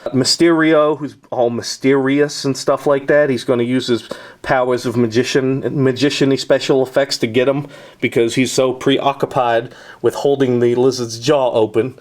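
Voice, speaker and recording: Man, casual vlog, rambling, jokey, middle pitch, at home. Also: fairly even intonation, normal speed. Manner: rambling and jokey, lots of "uh" and "we got". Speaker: vlogger showing his toy collection. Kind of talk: casual home video tour.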